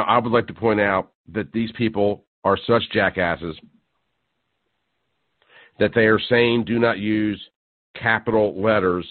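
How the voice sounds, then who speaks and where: A man's voice: fairly low pitch, dry recording. A male radio talk show host delivering a sarcastic, mocking monologue that builds to incredulous outbursts. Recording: tinny phone-like dry sound.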